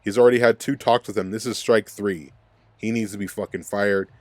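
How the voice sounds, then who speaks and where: A man's voice: lowish voice, steady tone, brisk, a little mellow, no echo. A man hosting a fan recap podcast, ranting in an angry, profane, rambling way. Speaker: podcast host.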